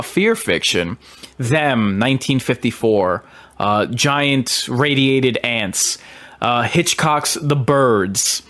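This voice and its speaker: A man's voice: mid-range voice, fairly bright tone. Emphatic man giving a film argument. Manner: emphatic, argumentative, with hesitant restarts. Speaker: horror host. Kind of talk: film commentary monologue.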